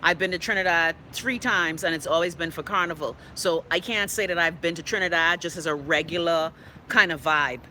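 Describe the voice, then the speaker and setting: Blunt Bahamian woman, bright voice. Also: lowish voice, fairly quick, slight background noise. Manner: blunt, profane, emphatic. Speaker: host. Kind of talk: live-stream commentary reading viewer comments.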